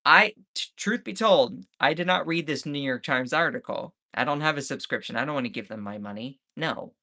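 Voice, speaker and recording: A man's voice: mid-range voice, normal speed, sharp tone. A man from the States, ranting sarcastically in live-stream commentary. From Southern United States. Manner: sarcastic, mocking.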